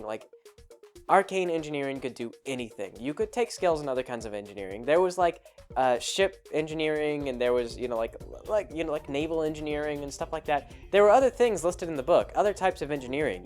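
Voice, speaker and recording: A man's voice: fairly high pitch, a little mellow. Rambling man telling a game story. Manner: rambling, self-interrupting, laughs often. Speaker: podcast host. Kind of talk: casual anecdotal storytelling.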